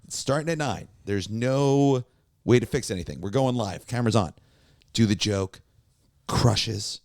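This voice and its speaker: A man, a warm-up comedian and podcast guest, telling anecdotes in casual chat and acting out the voices of people in his stories. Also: on the low side, a little slow, dry recording, clean studio sound. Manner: lively anecdotes, acts out quoted voices.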